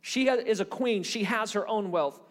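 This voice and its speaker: A man preaching a sermon, reading scripture and retelling Bible stories with animated, acted-out voices. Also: high voice, moderate pace. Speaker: pastor. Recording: hall reverb.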